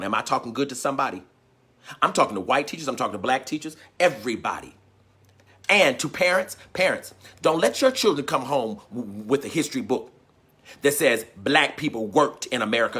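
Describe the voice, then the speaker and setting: A man preaching an impassioned sermon. He drives home repeated refrains and calls out to the crowd, often rising to a shout. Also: mid-range voice, slightly rough. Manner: call-and-response, repeated refrains, swings into shouting. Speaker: teacher and preacher.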